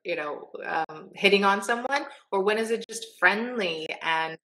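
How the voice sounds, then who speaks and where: Bright-voiced woman hosting a livestream chat. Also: mid-range voice, measured pace, rough recording. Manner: thoughtful, laughs easily, many fillers. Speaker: host, therapist. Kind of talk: casual interview chat. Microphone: video call. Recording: choppy livestream audio.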